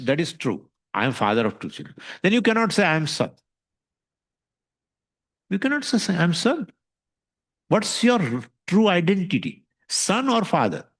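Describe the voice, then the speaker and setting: A man giving a spiritual lecture on scripture, questioning his listeners and repeating his points. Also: on the high side. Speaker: spiritual teacher.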